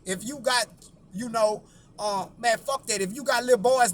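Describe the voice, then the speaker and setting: A man's voice: extremely high pitch, moderate pace. A man hosting his own channel, telling a long story in a blunt, profane way and often repeating himself. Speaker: YouTube host.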